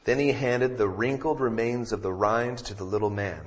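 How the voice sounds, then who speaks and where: A pastor preaches a sermon to his congregation in a church sanctuary, first reading scripture and praying, then preaching with jokes mixed in. His mid-range voice holds a steady tone at normal speed, and the sound is lo-fi.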